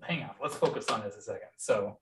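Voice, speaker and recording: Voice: medium pitch, fast talker. An adult piano student in a lesson, self-deprecating and thinking aloud, counting beats while playing. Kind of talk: lesson conversation. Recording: distant from the mic, with piano playing.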